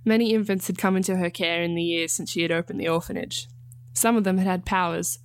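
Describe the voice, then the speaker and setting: A woman, the author, reading her own story aloud in calm, measured narration. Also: lowish voice. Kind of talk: scripted narration.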